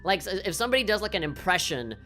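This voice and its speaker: Bright-voiced woman ranting profanely. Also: lowish voice, very animated, fast talker, faint music behind. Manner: profane, heated ranting with many fillers. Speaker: game streamer. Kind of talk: ranting livestream chat.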